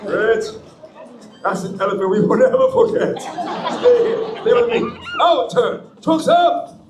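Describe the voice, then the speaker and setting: A man's voice: sits high, full character voice. A man playing a proud, playful troupe leader who leads the crowd in chants at a live theme park show. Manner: grand, theatrical, leading crowd chants. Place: outdoor theme park stage. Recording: roomy space with music.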